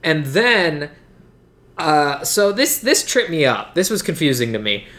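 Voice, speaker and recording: A podcast host recapping a movie in casual chat, a chatty storyteller who acts out lines in quick voices. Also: mid-range voice, very animated, fairly bright tone.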